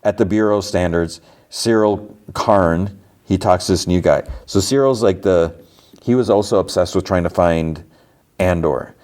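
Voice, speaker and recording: Speaking at a moderate pace, the podcast host has a low-pitched, darkish voice. He chats casually about TV episodes, wandering off track and filling gaps with "like" over and over.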